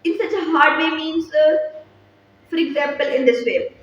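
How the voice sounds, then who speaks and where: A high-pitched woman teaches in an earnest, advisory way, checking in with her listeners as she goes. She sits back from the mic, and her voice rings around a very echoey room. The sound is slightly muffled, with a faint hiss behind it. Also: normal speed. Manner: earnest, advisory, frequent "uh" and "okay?". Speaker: English teacher. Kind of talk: spoken English lesson. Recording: roomy echo, distant mic, muffled.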